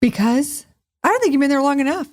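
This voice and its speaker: A woman's voice: sits high, animated, fast talker, no echo, clean studio sound. A woman co-hosting a podcast in casual chat, full of teasing, bossy banter. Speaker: podcast co-host.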